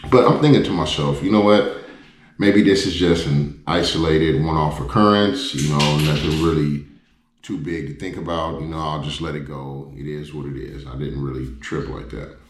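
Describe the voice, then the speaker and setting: A man's voice: extremely low pitch, echoey room. A man who vlogs about travel, telling a story bluntly and conversationally. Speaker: travel vlogger. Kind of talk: casual storytelling to camera.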